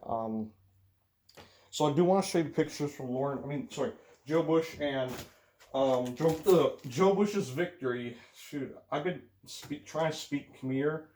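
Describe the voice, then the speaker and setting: A man with a Midwestern accent tinged with Southern, talking casually to his viewers from a room at home. He meanders, backtracks and fills pauses with ums as he chats, with an ordinary, middle-pitched voice. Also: darkish tone. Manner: chatty, meandering, many fillers and restarts. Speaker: racing channel host. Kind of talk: rambling casual vlog commentary.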